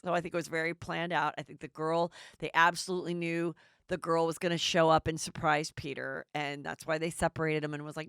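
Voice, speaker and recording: A middle-aged woman hosting a podcast, recapping reality TV in a chatty, animated way. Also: lowish voice, brisk, clear, resonant tone, no echo, studio quality. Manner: chatty, animated, does voices. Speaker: podcast host.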